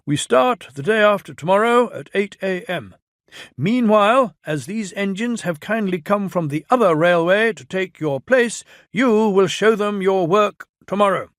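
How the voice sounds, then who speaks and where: A man's voice: sits high, animated, unhurried, a bit bright, no room sound, studio quality, voice pushed up. A man with a British accent voicing a pompous, stern railway boss in a storybook reading, commanding and bellowing in a raised voice.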